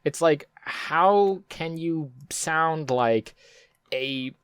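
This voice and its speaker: A man's voice: on the high side, drawn-out words, fairly bright tone, clear, resonant tone. A young American man commenting casually as a YouTuber, rambling, profane and incredulous, with lots of fillers. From United States.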